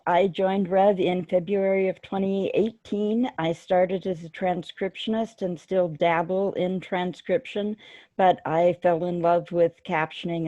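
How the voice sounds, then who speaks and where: A woman's voice: on the low side, a little mellow, no room sound. A woman presenting a webinar, laying out topics in an orderly, explanatory way over a video call. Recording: dull, lo-fi video call audio.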